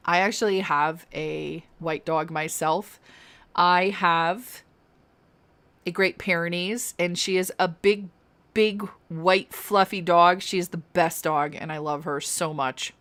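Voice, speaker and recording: A woman's voice: lowish voice, fairly even intonation, slow pace, fairly bright tone. A young adult woman streaming a fantasy game, chatting casually and giggling as she plays. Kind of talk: casual gameplay commentary.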